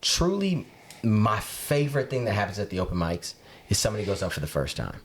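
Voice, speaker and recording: A man's voice: fairly low pitch, a little fast, slight background noise. A stand-up comedian, a man, chatting casually on a podcast and slipping into quoted voices. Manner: expressive, drops into quoted voices.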